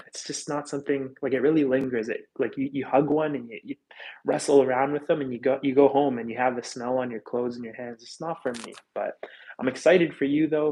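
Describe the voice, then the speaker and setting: Man, 30, gravelly, mid-pitched, rambling casual livestream chat, candid. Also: darkish tone, low-quality recording. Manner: candid, rambling, chatty with frequent fillers. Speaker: reptile channel host.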